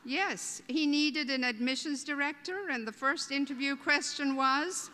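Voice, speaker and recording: Irish woman welcoming a big crowd, slow and joking, echo of a big hall. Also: high voice, background noise. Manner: warm, joking, folksy. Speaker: host welcoming a convention. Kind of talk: humorous welcome speech. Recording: reverberant convention hall.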